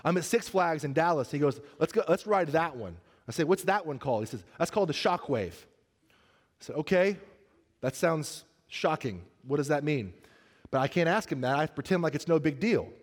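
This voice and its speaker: A man as pastor, preaching a sermon, telling a funny story and then turning earnest and soft. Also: a little high, lively intonation, normal speed, long reverb tail.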